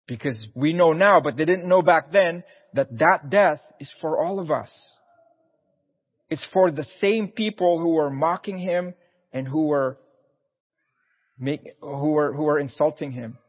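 Earnest, husky male preacher. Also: on the high side, unhurried, big-room sound, lo-fi sound. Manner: earnest, pleading, repeats his words. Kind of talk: sermon.

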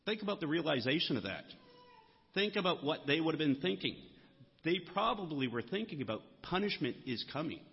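A man's voice: fairly high pitch, big pitch swings, a little fast, slightly rough. A man preaching a sermon, earnest, lifting his voice on the key words. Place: church sanctuary. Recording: muffled sound with long hall reverb.

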